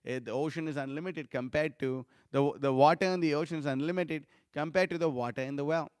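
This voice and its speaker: Smooth-voiced man giving a scripture class. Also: fairly high pitch, brisk, no echo, studio quality. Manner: conversational, frequent "you know" fillers, animated storytelling. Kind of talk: informal scripture lecture.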